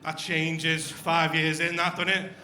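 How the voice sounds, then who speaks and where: A man's voice: on the high side, flat delivery, slow pace, bright, forceful tone, a little hiss or hum. A young man doing a crude, swearing stand-up routine with crowd work on a comedy club stage. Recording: echoey club room.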